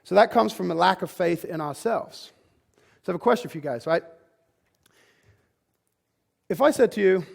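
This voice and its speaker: This fitness business speaker addresses a live room of fitness trainers at normal speed, his high, creaky voice animated and broken by long pauses. He's emphatic and motivational, peppering his talk with "like" and restarts in the conference room.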